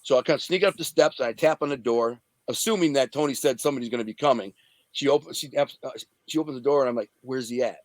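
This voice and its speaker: A man from the Detroit area, USA, speaks quickly in a mid-range voice as an interview guest, with no echo. He tells a casual story in profane street slang, acting out the scenes.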